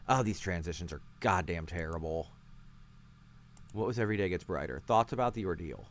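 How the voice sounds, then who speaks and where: A man's voice: sits low, animated, fairly quick, a little hiss or hum. Blunt, foul-mouthed man reacting on stream. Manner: profane, blunt and sarcastic. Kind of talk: casual live-stream commentary.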